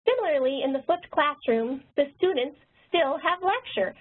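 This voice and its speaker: A woman nurse educator and author who talks quickly, presenting a webinar. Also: high voice, lively intonation. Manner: fast-talking. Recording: tinny phone-line webinar audio.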